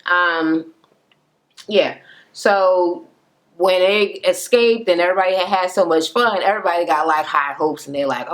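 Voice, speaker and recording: A woman with a fairly low voice recaps a reality show in a casual rant. She is blunt and swears freely. She tells the story with plenty of energy. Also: moderate pace. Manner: profane, blunt, animated storyteller. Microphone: camera-mounted recording setup.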